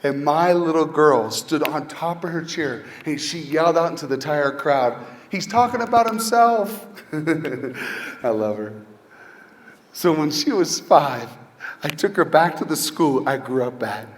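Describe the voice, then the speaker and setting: A man's voice: a little high, unhurried, a little hiss or hum. Man telling personal stories to a hall. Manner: personal storytelling with rhetorical questions. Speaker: motivational speaker. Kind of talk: inspirational speech to a school audience. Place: large hall with an audience. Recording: long hall reverb, faint ambience.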